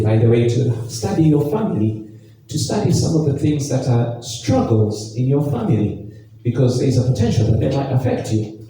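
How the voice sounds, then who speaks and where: A man preaching a sermon as pastor, reading scripture expressively with emphatic pauses, recorded from a distance in a church hall. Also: mid-range voice, mellow. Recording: echoey church hall, distant mic, faint noise.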